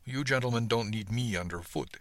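A man's voice: on the low side, brisk, a bit bright, no room sound, natural voice. A man voicing a friendly male ship's cook in an audiobook reading. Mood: approving.

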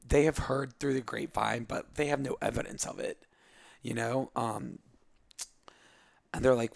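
Man, 30s, candid guest storyteller. Gravelly, mid-pitched, loose and rambling delivery. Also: steady tone, unhurried, pauses often, no echo, studio quality. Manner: rambling, filler-heavy with frequent 'like'.

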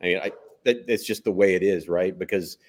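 A man hosting a sports talk show, asking questions in a relaxed, conversational way and often checking in with "right?". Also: low-pitched, fairly quick. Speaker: host.

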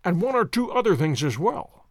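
A man's voice: high voice, big pitch swings, moderate pace, no room sound, studio quality, heavily acted. A man reading the lines of a confident, wry detective, poised and commanding in an audiobook. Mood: assured. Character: sharp, confident male detective, theatrical.

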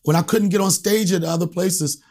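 A stand-up comedian from Alexandria, Virginia, telling profane stories as a guest and acting out the voices in them. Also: male voice, high-pitched, a little fast, darkish tone. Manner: profane, acts out voices in anecdotes. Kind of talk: animated storytelling.

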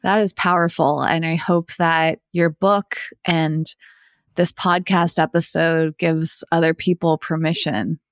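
Low, even-toned woman host. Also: dry recording, studio quality. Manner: sincere, appreciative, measured. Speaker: podcast host. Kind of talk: interview conversation.

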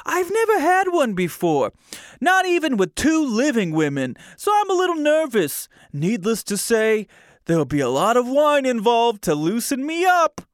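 A man's voice: very high-pitched, huge pitch swings, normal speed, dry recording, studio quality, pitched above the performer's own voice, exaggerated voice. A man putting on a New Jersey accent to voice a corny, nervous, lovestruck man. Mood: giddy.

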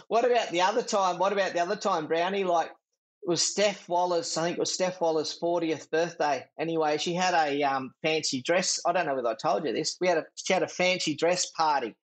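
A man's voice: on the high side, fairly quick. A middle-aged Australian man, a former jockey, telling rambling stories with laughs in a casual interview. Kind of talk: casual chat.

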